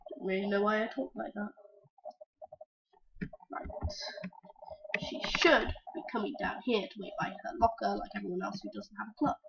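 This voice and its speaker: Excitable bright-voiced woman gamer. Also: mid-range voice, moderate pace, gravelly, pauses often, slight background noise. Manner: chatty, breaks into sudden excited shouts. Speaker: gamer playing a video game. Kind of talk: let's-play game commentary. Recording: dull lo-fi mic.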